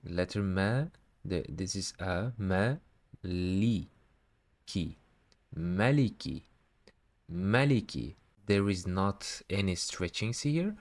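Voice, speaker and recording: Man with going over recitation slowly, low voice, repeats each bit patiently. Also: lively intonation. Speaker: Quran recitation teacher. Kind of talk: slow step-by-step recitation lesson.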